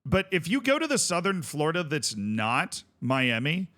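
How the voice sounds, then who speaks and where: A male streamer chats through a game in a loose, rambling way, tossing jokey asides to his viewers. His voice sits a touch high and swings widely in pitch. It has a bright, forceful edge. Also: wildly swooping pitch, normal speed. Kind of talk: casual gaming stream chat.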